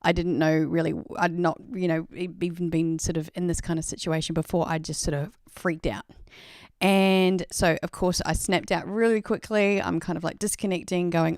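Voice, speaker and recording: A woman's voice: fairly low pitch, normal speed, a little mellow, no room sound, studio quality. An Australian woman hosting a live stream, telling a story in a rambling, chatty way full of "like" and "you know.".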